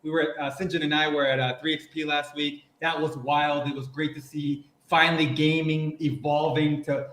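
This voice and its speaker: A man's voice: fairly high pitch, level tone, moderate pace, hardly any pauses, a bit bright. A man on a panel chatting in a laid-back, teasing way. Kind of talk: casual chat. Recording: echoey room, faint noise.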